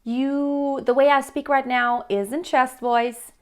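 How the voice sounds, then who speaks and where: A woman vocal coach with a high, light speaking voice, giving a singing lesson. She explains each point plainly and steps into quick sung examples to show what she means. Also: little pitch movement.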